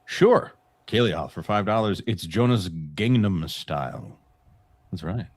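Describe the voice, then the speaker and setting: A man co-hosting a live stream, casually reading viewer messages aloud with quick upbeat interjections. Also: low voice, animated, dry recording. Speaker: co-host reading super chats.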